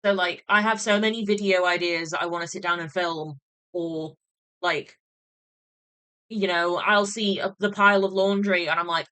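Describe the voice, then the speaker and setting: A woman's voice: fairly low pitch, fairly even intonation, moderate pace, bright, forceful tone, smooth. A woman chatting casually on a live stream, venting, laughing often and swearing freely.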